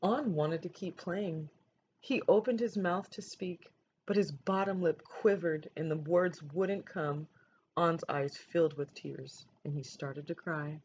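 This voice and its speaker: Low-voiced woman reading a picture book. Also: a little slow, a little mellow. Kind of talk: storybook read-aloud. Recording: dull lo-fi recording, faint noise.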